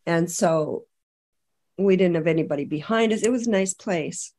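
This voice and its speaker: A middle-aged woman from Canada, a podcast guest, telling an emotional personal testimony in a halting way with many restarts. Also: on the low side, darkish tone. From British Columbia, Canada. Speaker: interview guest.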